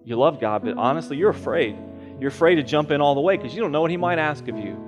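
A man's voice: a little high, lively intonation, fast talker, long reverb tail, music in the background. A man preaching a sermon as pastor, earnest and emphatic, repeating phrases for weight. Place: church sanctuary.

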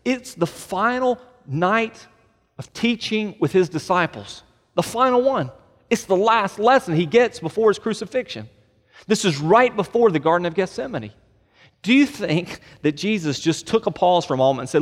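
Male pastor, slightly high voice, lively preaching full of rhetorical questions, hall reverb. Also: moderate pace. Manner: animated, with rhetorical questions and joking asides. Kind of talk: sermon. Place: church sanctuary.

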